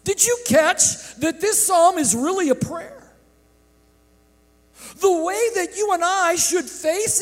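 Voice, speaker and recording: A male pastor with a very high voice preaches slowly and deliberately, letting his pitch leap and fall across a wide range. He shouts out some phrases and drops others to a near hush. The sound rings with the long reverb of a large church sanctuary. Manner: impassioned preaching with sudden shouts and hushed drops; slow, drawn-out delivery. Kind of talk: sermon.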